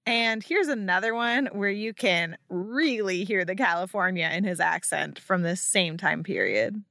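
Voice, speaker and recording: Bright, wry woman podcast host. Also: mid-range voice, expressive, unhurried, gravelly, no room sound, clean studio sound. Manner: wry, conversational. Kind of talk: scripted narration.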